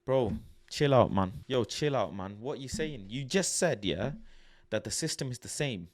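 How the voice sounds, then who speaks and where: A young man rants about his football club in blunt, slangy language full of swearing. His voice sits in an average pitch range. The recording is dry and close, with no room sound. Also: expressive, moderate pace, dry recording. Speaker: football fan vlogger. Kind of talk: casual rant reading out quotes. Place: home at night.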